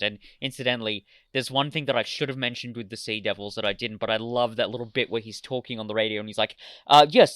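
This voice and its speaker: A man's voice: medium pitch, fairly bright tone, clean tone, no echo. A man co-hosting a casual review podcast, chatty and enthusiastic, with frequent filler ums. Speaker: podcast co-host.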